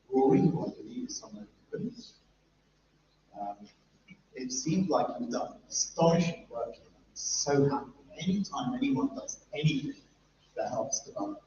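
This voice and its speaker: A London man in his 50s with a voice on the high side is a guest speaker at an industry event. He gives a chatty, jokey conference talk to a live audience and interacts with the crowd. The recording, made in a large echoey event room, sounds echoey, muffled and distant with faint noise.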